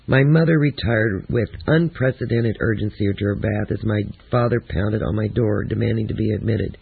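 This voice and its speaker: Male memoir reader, low, raspy voice, tinny phone-like audio. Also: moderate pace, hardly any pauses, dry recording. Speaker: audiobook narrator. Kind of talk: first-person memoir narration.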